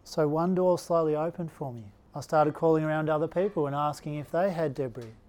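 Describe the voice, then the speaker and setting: A middle-aged Australian man telling a personal story in a relaxed, anecdotal way, acting out the quotes. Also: on the high side, fairly quick. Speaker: speaker telling his story. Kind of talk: storytelling talk.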